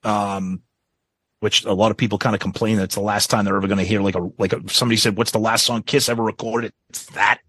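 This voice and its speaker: A man's voice: on the low side, little pitch movement, quick pace, fairly bright tone, slightly rough, no room sound. A man co-hosting a podcast in casual chat, hesitant, with many ums and restarts. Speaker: podcast co-host.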